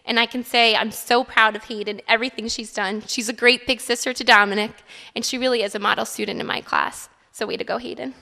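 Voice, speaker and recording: Bright-voiced woman teacher. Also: on the high side, steady tone, fast talker, creaky. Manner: warm praise, reads a student's story aloud. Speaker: third grade teacher. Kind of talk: speech at an award ceremony. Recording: reverberant hall.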